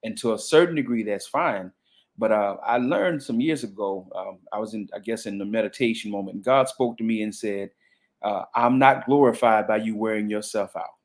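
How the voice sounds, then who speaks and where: A man's voice: on the low side, moderate pace. A man, a pastor, talking in a panel conversation in a reflective way with frequent restarts and fillers.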